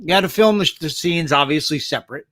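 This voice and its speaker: Male host, rambling questions, lots of fillers, higher voice, dry sound. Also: fast, fairly bright tone, dry recording. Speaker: podcast host. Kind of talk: casual interview.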